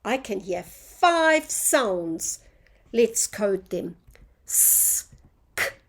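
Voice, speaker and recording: A woman's voice: medium pitch, big pitch swings, drawn-out words. A woman teaching a phonics lesson to young children, drawing out each sound in a sing-song teacher voice.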